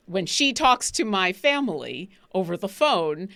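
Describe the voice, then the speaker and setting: A woman from Buffalo, New York, chatting casually on a live stream in an animated, emphatic, rambling way. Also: mid-range voice, unhurried, few pauses, no room sound, clean studio sound. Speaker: stream co-host.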